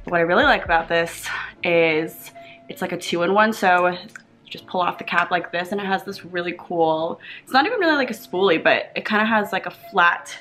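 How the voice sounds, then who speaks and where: A woman's voice: medium pitch, fairly bright tone. A young woman in her twenties chatting casually through a get-ready-with-me makeup vlog in her apartment, full of fillers. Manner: chatty, lots of fillers, talks while doing makeup. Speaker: beauty vlogger.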